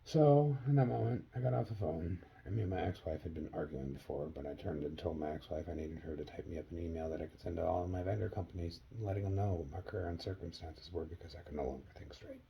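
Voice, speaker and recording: A man from Wisconsin earnestly telling a personal story in a vlog, acting out the dialogue with sharp jumps up in pitch. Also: fast, gravelly, hardly any pauses, husky, lo-fi sound. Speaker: vlogger.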